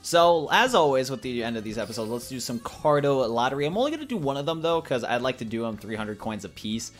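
A young man giving live, excitable commentary on a card game he is playing, thinking aloud and trash-talking his opponent. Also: medium pitch, fast talker, soft background music. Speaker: let's play gamer.

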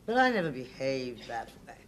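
A woman's voice: rumbling low, big pitch swings, moderate pace. Older woman, interview guest, emphatic, sardonic, faint background noise. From United States. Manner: emphatic, hesitant restarts, sardonic. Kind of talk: reminiscing interview.

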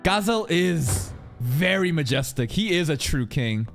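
A young man gushes through an anime reaction, his voice riding high and swinging wildly up and down. He swears constantly and slips into mock voices for the characters. Faint music plays underneath. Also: a little slow, creaky. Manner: excitable, swears often, mock-quotes characters. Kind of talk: casual reaction commentary.

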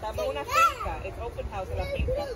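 A woman's voice: very high-pitched, wildly swooping pitch, very fast, a loud crowd. A middle-aged woman chatting outdoors on a farm, calling to the kids. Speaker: vlogger's mother. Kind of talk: casual chat. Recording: loud outdoor noise, distant from mic.

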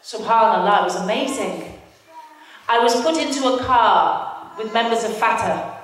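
A woman's voice: on the high side, normal speed, slight background noise. British woman telling a story in an echoing hall. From Britain. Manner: lively storyteller who acts out voices. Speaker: guest speaker. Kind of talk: personal testimony talk. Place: large hall, mosque event. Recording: echoey hall from far off.

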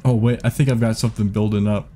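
Low-voiced woman joking crudely while gaming. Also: steady tone, fast talker, background noise. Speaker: gamer. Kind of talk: gaming banter. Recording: loud music behind.

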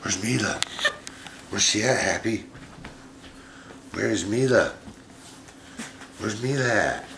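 A middle-aged man with a low, gravelly voice chats slowly and affectionately with his pet monkeys. He chuckles often and slips into gentle baby talk. The room echoes, and a faint hiss sits behind him. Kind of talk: casual vlog talking to pets.

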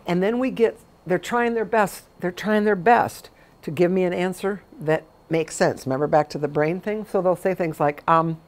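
A woman's voice: lowish voice, measured pace. A middle-aged woman, a memory care consultant, talking informally to caregivers as a chatty storyteller with emphatic repetitions.

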